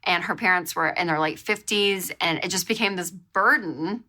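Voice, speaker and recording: A woman hosting a show, telling a story in a casual, animated way with lots of fillers. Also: fairly low pitch, normal speed. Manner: animated, chatty, lots of fillers and repeated exclamations. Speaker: show host.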